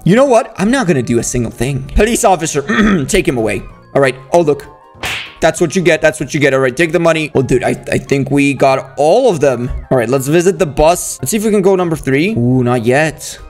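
A young man talks through a game, excitable and quick to exclaim. His voice sits a little on the high side, and he keeps cheering on the characters on screen. Faint game music plays underneath. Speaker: gaming YouTuber. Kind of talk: casual gameplay commentary.

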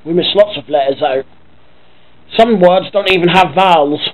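A vlogger from Norfolk, England, with a Norfolk accent rambles casually at home by his computer, chatty and swearing offhandedly. His voice is high-pitched at normal speed, and the recording is low quality.

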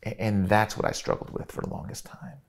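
A middle-aged man telling a personal story in an interview, earnest and reflective, with frequent pauses and restarts. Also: fairly low pitch, steady tone, creaky. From Chicago, USA.

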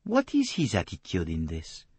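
A man reading an audiobook voices a fastidious middle-aged Belgian detective, precise and courteously relentless. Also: low voice, wildly swooping pitch, a little mellow, slightly rough, no room sound, heavily acted. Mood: gentle.

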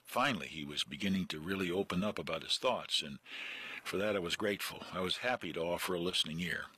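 Man reading a book aloud, forceful. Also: sits low, fast talker, slightly rough. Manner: steady, earnest book reading. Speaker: radio program host.

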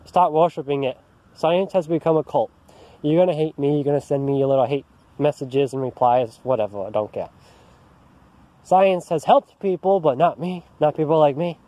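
A man's voice: fairly high pitch, moderate pace, mellow, dry recording, lo-fi sound. A man venting in an agitated, frustrated rant to camera, outdoors in an empty park, often restarting his sentences. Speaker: vlogger. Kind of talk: angry personal rant to camera.

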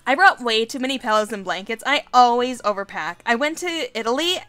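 A bubbly teen girl voiced by a woman rattles on eagerly, her words tumbling out. The tone is bright and a touch high, and faint game music plays underneath. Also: expressive, clean tone, no echo. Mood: chatty. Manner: fast and bubbly.

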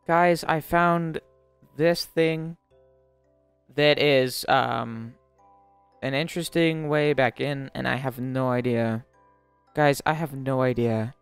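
A young gamer narrating a let's-play at a desk mic in a mid-pitched voice, laughing a lot and playing up every danger for drama. The sound is close and dry with faint game music underneath. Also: fairly even intonation, takes it slowly, long pauses, smooth, no echo. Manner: jokey and melodramatic, laughs a lot; rises into panicked shrieks when startled. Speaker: Minecraft let's-play host. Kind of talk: gameplay commentary.

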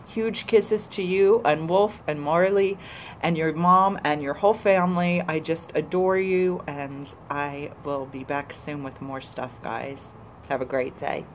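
A young adult woman vlogger unboxing a gift, gushing and excitable, squealing with delight. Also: low voice, a little slow, a little hiss or hum, rough recording.

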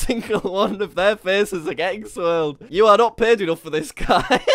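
A young man hosting a gaming commentary, excitable and laughing often. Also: sits high, no echo. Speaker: YouTuber host.

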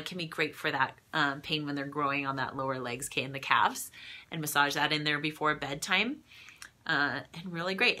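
Bright-toned woman teaching a casual class. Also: low-pitched. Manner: chatty, keeps checking in with "okay?" and laughs often. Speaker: massage therapist teaching an essential oils class. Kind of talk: casual live mini class.

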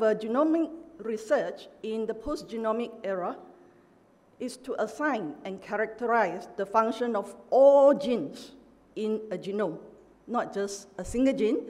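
A middle-aged woman professor giving an academic lecture, measured and emphatic, pausing often with "uh". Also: on the high side, darkish tone. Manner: measured, emphatic, with frequent "uh" pauses. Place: large university lecture hall. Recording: long hall reverb.

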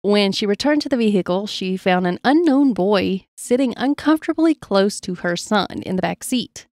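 A woman's voice: medium pitch, lively intonation, moderate pace, a little mellow, dry recording, clean studio sound. A woman podcast co-host reading paranormal stories from her notes in a casual chat, laughing easily and playing along with jokes.

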